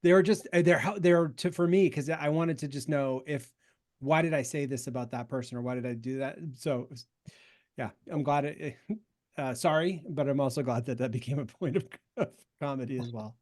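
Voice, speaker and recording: A man of middling pitch updates his committee over a video call. He speaks haltingly and keeps correcting himself. He is openly thankful to his colleagues. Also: darkish tone. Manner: halting, self-correcting, appreciative. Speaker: committee co-chair. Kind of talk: casual meeting update.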